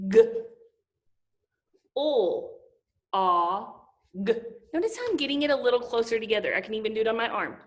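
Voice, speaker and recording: With a slow, sing-song delivery and a voice on the high side, a woman teacher sounds out letters in a phonics lesson for young children, asking them questions along the way.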